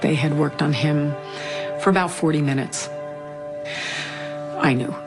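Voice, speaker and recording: A middle-aged woman, a bereaved mother, telling her story in a documentary interview in a halting, grief-stricken way. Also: sits low, over loud music. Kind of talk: documentary interview, personal account.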